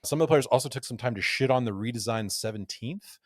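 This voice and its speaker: A man's voice: medium pitch, quick pace, dry recording, clean studio sound. A man hosting a casual podcast. He tells stories in a wry, jokey way and reads quotes aloud. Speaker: podcast host.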